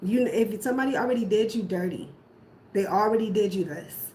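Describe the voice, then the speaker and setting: A woman's voice: medium pitch, lively intonation, a little fast, mellow. A woman giving a casual tarot reading, repeating firm, emphatic warnings. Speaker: tarot reader. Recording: echoey room, faint background noise.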